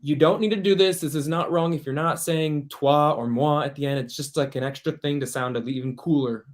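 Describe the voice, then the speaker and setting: A man's voice: fairly high pitch, steady tone, a little fast. Man, casual french teacher, chatty, laughs a lot, playful quoted voices, video call. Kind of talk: casual online workshop talk.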